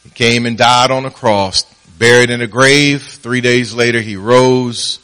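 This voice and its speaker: A man's voice: fairly even intonation, unhurried, pushed and bright, smooth. A man preaching as pastor, telling a story and acting out its voices. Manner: storytelling, acts out voices with rising pitch. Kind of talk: sermon with a told joke.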